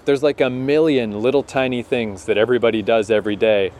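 A young Canadian man co-hosting a podcast in casual chat, animated and quick to laugh. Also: mid-range voice. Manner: animated, laughs often, slows down to make a point. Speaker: podcast co-host.

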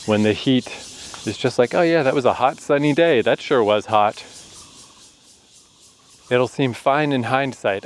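A vlogger with a mid-range voice narrates while hiking a hot forest trail, captured on poor audio. Sweaty and short of breath, he's chatty and self-mocking, with bursts of swearing.

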